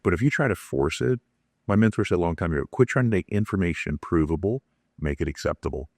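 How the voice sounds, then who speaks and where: Man, middle-aged, deep voice, dry close sound, animated motivational storyteller. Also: fast, no room sound. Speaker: guest, business recruiter. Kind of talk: casual interview talk.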